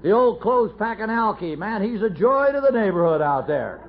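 A man's voice: high voice, expressive, normal speed. A middle-aged man telling his recovery story at a meeting, folksy and self-mocking with wry humor. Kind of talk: AA speaker talk, storytelling. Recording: dull lo-fi tape recording.

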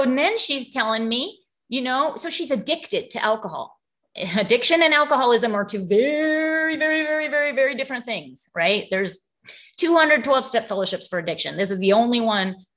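A woman's voice: a little high, lively intonation, normal speed, fairly bright tone. A woman speaking casually at a recovery group, explaining a passage and telling stories with lots of asides and laughter. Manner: chatty storytelling, laughs often, many asides.

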